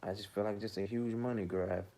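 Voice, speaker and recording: A man's voice: lowish voice, steady tone, brisk, dark tone. Man ranting on his own show. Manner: heated ranting, repeats himself, stammers. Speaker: host. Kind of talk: opinion commentary vlog.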